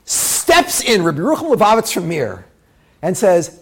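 A man teaching a Torah lesson through a dramatic story, swinging between loud bursts and hushed asides. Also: high voice, wildly swooping pitch, moderate pace, gravelly, slightly rough.

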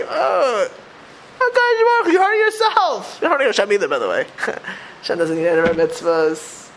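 A man teaching a Torah class as a rabbi to a room, talking in an animated way with many restarts and rhetorical questions. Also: extremely high pitch, normal speed, slight background noise, low-quality recording. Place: room with a live audience.

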